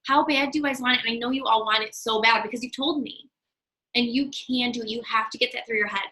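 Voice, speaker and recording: A woman's voice: on the high side, steady tone, fast, bright, forceful tone, poor audio. A woman leading her sales team in an emphatic motivational talk, repeating her key points. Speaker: team leader of a sales business.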